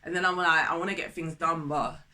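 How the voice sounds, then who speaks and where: A woman in her thirties vlogging casually to camera, excitable and goofy, jumping between topics and laughing often. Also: low-pitched, fairly quick. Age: 30s.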